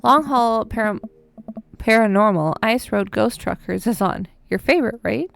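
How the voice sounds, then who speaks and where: A woman's voice: fairly high pitch, normal speed, gravelly, faint music behind. A woman playing a teasing, bossy teen daughter. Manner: bright, teasing and pushy.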